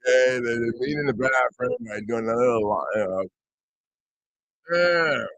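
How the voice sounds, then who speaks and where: A man's voice: medium pitch, expressive, unhurried, a bit bright, dry recording, rough recording. A man in a casual livestream chat, talking in a blunt, profane and defiant way. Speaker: host.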